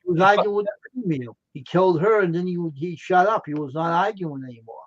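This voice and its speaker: A man with a fairly high voice tells rowdy stories in a casual chat and keeps breaking into laughter. His audio is dry and a bit muffled, as on a home livestream. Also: fast talker, no room sound. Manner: laughing, animated storyteller with crude language. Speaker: livestream co-host.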